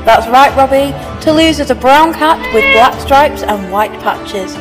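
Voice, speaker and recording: A woman's voice: sits high, unhurried, long reverb tail, music in the background, rough recording. A woman, co-hosting a local podcast and reading mock news in a dry, matter-of-fact way. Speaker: podcast co-host.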